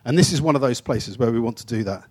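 A man from England giving an informal, anecdotal sermon as a traveling preacher, with frequent restarts, quick asides and slow, emphatic phrases. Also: medium pitch, expressive, a little mellow, slightly rough. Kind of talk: conversational sermon teaching.

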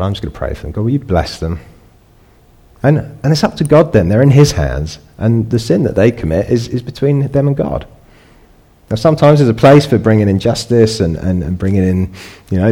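A middle-aged pastor gives a sermon in an easygoing, conversational style. His husky voice stays low, then climbs into emphatic peaks whenever he wants to drive a point home.

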